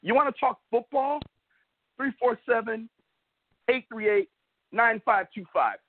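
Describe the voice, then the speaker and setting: A man's voice: very high voice, unhurried, no echo. A man hosting a sports talk show, ranting and mocking rival fans in an opinionated way. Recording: tinny phone-like audio, dry.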